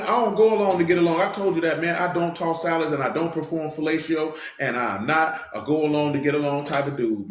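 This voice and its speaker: Male preacher, high voice, fiery, slangy, rhetorical questions, echoey room. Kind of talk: informal sermon and Bible teaching.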